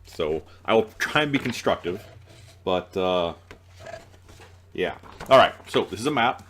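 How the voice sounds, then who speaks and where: A man's voice: low-pitched, lively intonation, unhurried, a bit bright, a little hiss or hum. A man hosting an unboxing video, chatting casually and joking at himself, groggy after a night out and stumbling over his reading. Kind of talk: casual rambling unboxing talk.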